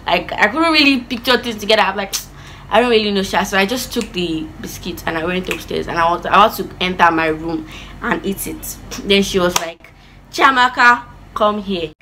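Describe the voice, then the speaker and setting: A woman telling a childhood story in a chatty, animated vlog style with lots of asides. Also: on the low side, a little fast, a little hiss or hum, rough recording. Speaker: vlogger.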